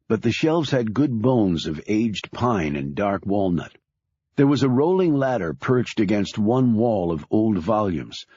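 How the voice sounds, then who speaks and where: A man narrating a thriller audiobook in a measured storytelling way. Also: fairly low pitch, a little mellow, breathy edge, dry recording, lo-fi sound.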